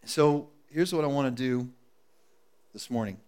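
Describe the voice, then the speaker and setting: A man preaching a sermon to his congregation, dropping to a hush and then rising to loud, emphatic appeals. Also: medium pitch, measured pace, smooth. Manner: swings from hushed and intimate to loud and emphatic, coaxing the congregation. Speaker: pastor. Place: church service before a congregation. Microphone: live sermon recording.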